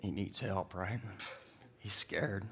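A man's voice: sits low, takes it slowly, a bit bright, slight background noise. A middle-aged man preaching a sermon, telling stories in a folksy, joking way and acting out the people in them. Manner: folksy storytelling, acts out characters in the joke. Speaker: pastor. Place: church.

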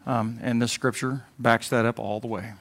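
A pastor preaching a sermon in a conversational way, moving between loud emphatic bursts and quiet asides, now and then mimicking whiny voices for a laugh. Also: male voice, medium pitch, flat delivery, normal speed. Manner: mimics whining voices in a comic way.

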